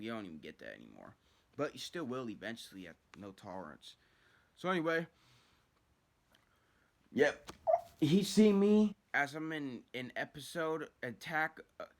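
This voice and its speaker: Young man, mid-pitched, casual storytime vlogger; loose, rambling, profane delivery with frequent restarts. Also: sing-song, measured pace, pauses often. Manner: rambling, heavy swearing, restarts.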